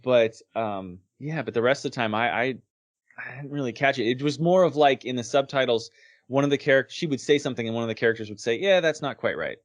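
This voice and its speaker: A man's voice: mid-range voice, quick pace. A man co-hosting a podcast, talking through his opinions in a casual chat, thinking aloud with frequent restarts. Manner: thoughtful, hesitant with restarts. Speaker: podcast co-host.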